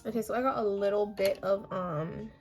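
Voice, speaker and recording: A young woman with a hoarse voice, chatting casually and a little self-deprecatingly while walking through her makeup routine. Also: mid-range voice, fairly even intonation, moderate pace, loud music behind the voice. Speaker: makeup vlogger. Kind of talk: casual makeup tutorial chat.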